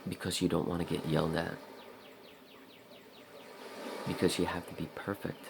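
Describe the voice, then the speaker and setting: A man with an extremely deep, gravelly voice rambles through a blunt, profane vlog monologue and talks straight to the viewer. Now and then he acts out his own inner voice. Outdoor noise with buzzing insects sits clearly behind him. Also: level tone, fast talker. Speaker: vlogger.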